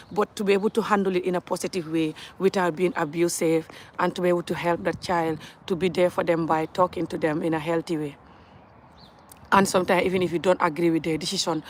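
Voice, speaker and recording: A woman in her forties from Gambia with a Gambian accent, talking in a passionate, rambling live monologue to her viewers. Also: on the low side. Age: 40s. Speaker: livestreamer.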